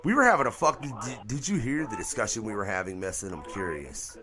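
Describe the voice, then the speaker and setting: A man hosting an uncensored podcast radio show in relaxed, profane conversation. His voice moves lively up and down and spikes high whenever something excites him. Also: fast talker. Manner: animated, swears freely, pitch jumps when excited. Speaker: podcast host. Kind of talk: casual profane radio chat.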